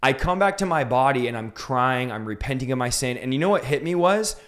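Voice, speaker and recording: A man's voice: medium pitch, expressive, brisk, fairly bright tone. Fervent man preaching his testimony. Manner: fervent, emphatic, rising to intense peaks. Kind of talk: impassioned storytelling in an interview.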